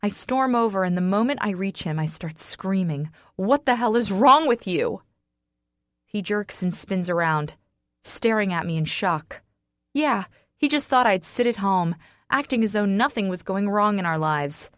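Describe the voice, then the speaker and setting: A woman narrating an audiobook in the first person, reading dramatically and with strong emotion, pushing into shouts in the dialogue. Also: medium pitch, expressive, normal speed, no echo, studio quality.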